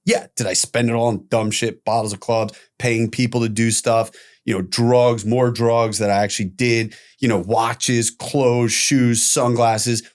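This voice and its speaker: A middle-aged man telling his own story as a podcast guest, candid and animated, swearing freely. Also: medium pitch, a little slow.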